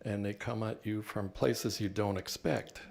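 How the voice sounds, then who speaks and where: An older Cuban-born man speaking in a low, gravelly voice with plenty of vocal fry. He tells his story as an earnest, measured lecture, with an occasional dry touch of humor. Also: little pitch movement, a little mellow, a little hiss or hum. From Cuba. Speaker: professor giving a talk. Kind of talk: personal reflective lecture.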